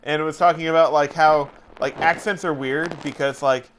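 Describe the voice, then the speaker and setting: A man's voice: fairly high pitch, fairly even intonation, moderate pace, a bit bright, slight background noise. A man co-hosting a casual chat show, rambling through a story in a loose, chatty way. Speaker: co-host.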